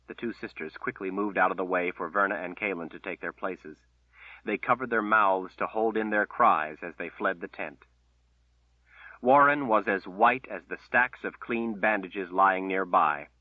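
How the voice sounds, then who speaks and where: Low husky guy reading a fantasy book, dry, tinny phone sound. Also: normal speed, no room sound. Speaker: audiobook narrator. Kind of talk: scripted fantasy narration.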